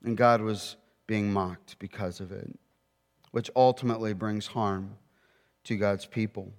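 A man preaching a sermon, emphatic, with rhetorical questions and slowing down to read scripture. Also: fairly low pitch, fairly even intonation, in a large hall.

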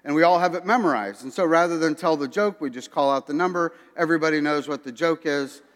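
Male pastor, slightly high voice, chatty sermon delivery, long church reverb. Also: fast. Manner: conversational preaching with asides to the congregation. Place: church sanctuary.

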